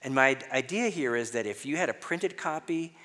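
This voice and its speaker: A man's voice: mid-range voice, animated, moderate pace, bright, forceful tone. A man preaching an expository sermon as a pastor, reading scripture aloud and then explaining its words in a conversational way. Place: church sanctuary. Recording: long hall reverb.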